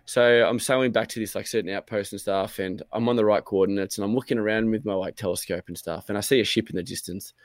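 A man spins a loose, rambling story in casual chat. He leans on fillers and swears freely. His voice sits a touch low and sounds dry and close, with no room around it. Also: fairly even intonation, fast talker, hardly any pauses, no room sound.

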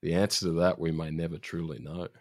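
A man's voice: low voice, steady tone, quick pace, no echo, clean studio sound. A man, a podcast host, recapping an episode in casual chat, laid-back and often laughing, with ums as he trails off.

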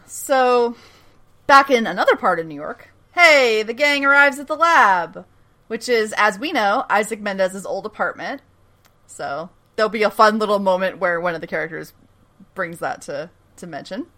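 A woman co-host chats through an episode recap in a bright, forceful voice. She is animated and giggly and swears casually as she retells scenes. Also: medium pitch, moderate pace. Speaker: podcast co-host.

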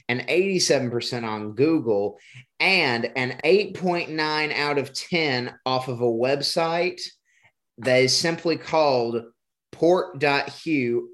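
A man's voice: medium pitch, a bit bright. Rambling joking male podcast host. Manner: rambling, joking, stumbles over words. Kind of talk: casual chat.

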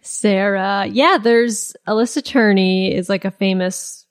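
A woman's voice: medium pitch, fairly even intonation, measured pace. A woman co-hosting a podcast in casual chat, laid-back and full of likes and yeahs. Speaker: podcast co-host.

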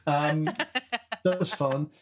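In a slow, fairly high voice, a musical director shares stories as a guest in a casual talk, animatedly mimicking the voices and sounds involved.

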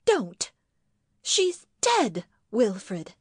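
A woman's voice: a little high, lively intonation, slow, breathy edge, dry recording, clean studio sound, pitched above the performer's own voice, exaggerated voice. A woman reading a story and voicing an anxious, devoted young wife who speaks in an earnest, pleading way. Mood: distressed.

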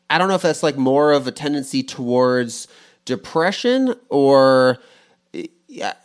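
A man's voice: medium pitch, lively intonation, slow. A man in his forties asking questions in a casual talk, rambling and thinking aloud with many restarts. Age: 40s. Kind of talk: casual conversation.

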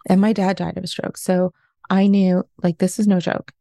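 A woman's voice: on the low side, little pitch movement, normal speed, gravelly, mellow, no room sound, studio quality. A woman in her forties, a life coach, telling her own story in an interview in an earnest, confessional way. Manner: earnest, confessional, self-questioning.

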